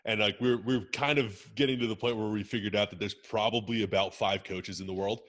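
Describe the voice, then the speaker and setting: Brief: man, lower voice, rapid and emphatic, casual podcast talk with swearing. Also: steady tone, fairly bright tone. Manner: fast, emphatic, swears freely. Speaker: strength coach guest.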